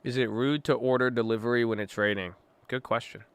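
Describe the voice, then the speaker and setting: A man's voice: medium pitch, fairly even intonation, fairly quick, clean tone, no room sound. A young man hosting a casual livestream, reading chat aloud and reacting in loose, slang-heavy talk.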